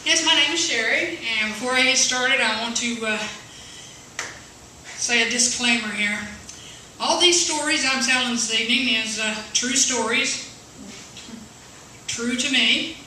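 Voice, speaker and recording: A nervous woman with a West Virginia mountain accent tells stand-up stories at an open mic, stumbling over fillers as she goes. Her voice is very bright, and it echoes heavily through a coffee house, recorded from out in the room with faint hum behind. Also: on the high side, recorded from a distance. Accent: West Virginia Appalachian. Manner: nervous, halting, many uhs. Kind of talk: stand-up comedy. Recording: echoey room, taped from afar.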